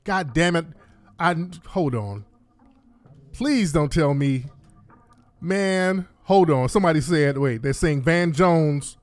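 High-voiced man ranting on a stream. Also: slow, pauses often, no echo. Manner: blunt, animated, repeats himself. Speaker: livestream commentator. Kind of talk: casual livestream commentary.

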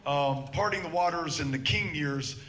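A man answering a question at a town hall, measured and earnest with frequent filler pauses. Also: on the high side, fairly bright tone. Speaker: politician.

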